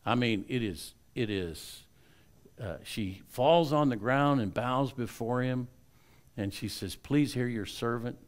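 A male pastor preaching a sermon, retelling a Bible story with lively swings between loud and hushed delivery and chatty asides to the congregation. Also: mid-range voice, slow pace.

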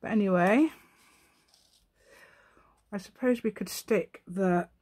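With a mid-range, darkish voice and a slow pace, a middle-aged woman hosts a casual crafting tutorial for her craft channel. She chats while working, thinks through things aloud, teases herself and hums and sings bits of tunes.

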